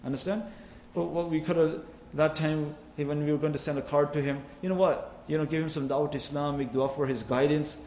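Impassioned preacher in an echoey hall. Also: male voice, a little high, fairly even intonation, a little fast, few pauses, darkish tone, slight background noise. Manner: impassioned, rising and falling, mixes Arabic phrases. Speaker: Islamic preacher. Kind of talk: sermon. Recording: echoey hall, faint ambience.

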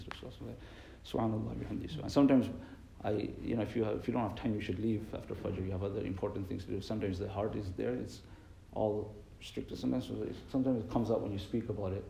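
Low, gravelly-voiced man giving an earnest sermon. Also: fairly even intonation, fast, dark tone, echoey room, a little hiss or hum, poor audio. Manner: earnest, repetitive, mixes Arabic and Urdu terms. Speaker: imam giving a religious talk.

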